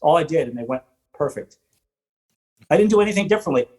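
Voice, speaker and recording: A man hosting a podcast, telling rambling stories from his work as a theater drummer and quoting other people with animated voices. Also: fairly high pitch, very fast, poor audio. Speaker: podcast host and Broadway drummer. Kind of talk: casual interview chat.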